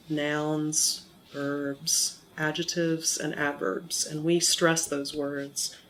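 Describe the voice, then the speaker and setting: A speaker in the middle pitch range who explains things in a measured, teacherly way during an interview. A recent cold leaves the voice sounding a little monotone. There is faint noise behind the voice. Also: creaky. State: recovering from a cold, somewhat monotone. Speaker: accent modification instructor.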